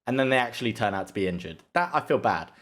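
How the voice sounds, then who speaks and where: A young man co-hosting a casual podcast chat, rambling, swearing freely and acting out quotes with sudden jumps in pitch. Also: lively intonation, fast, a bit bright. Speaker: podcast co-host.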